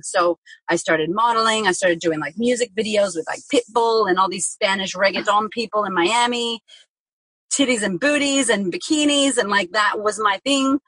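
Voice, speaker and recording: A woman's voice: mid-range voice, moderate pace, fairly bright tone, husky, no echo, poor audio. A woman speaking as a guest on a podcast, telling a personal story frankly and vividly, acting out what she said back then and swearing casually. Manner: frank and vivid, acts out her own past words, swears casually.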